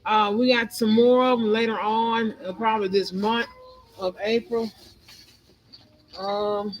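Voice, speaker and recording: A woman's voice: fairly high pitch, flat delivery, a little slow, long pauses, rough recording. A woman hosting a spiritual channel, rambling through a conspiratorial monologue and laughing between her thoughts. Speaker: tarot and spiritual channel host. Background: music playing.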